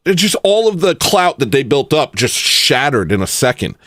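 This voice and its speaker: A man hosting his own channel, talking in a casual ranting monologue that is animated and mocking, with sudden outbursts. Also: medium pitch, moderate pace, no echo, clean studio sound. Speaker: channel host.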